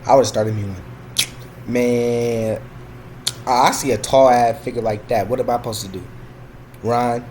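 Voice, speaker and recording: A young adult man hosting a reaction video, loud and animated, breaking into yelps and slang as he comments. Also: medium pitch, unhurried, slight background noise.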